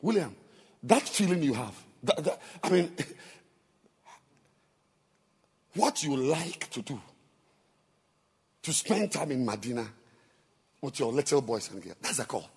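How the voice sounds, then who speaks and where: A man preaching a sermon. He swings between soft asides and loud exhortation. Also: medium pitch, lively intonation, slow pace, long pauses, slightly rough. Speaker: pastor.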